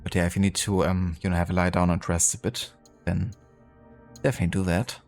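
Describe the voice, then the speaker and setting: A man's voice: low voice, little pitch movement, quick pace, darkish tone, soft background music. A man streaming a video game live, chatting casually and thanking viewers with many fillers. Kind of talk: casual live-stream chat while gaming.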